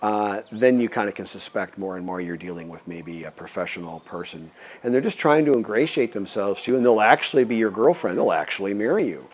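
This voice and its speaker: A man with a lowish voice tells a story straight to his viewers, earnest and rambling, often stopping to restart his sentences. The recording is dull and lo-fi. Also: lively intonation, brisk, few pauses. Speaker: vlogger. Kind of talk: casual storytelling to camera.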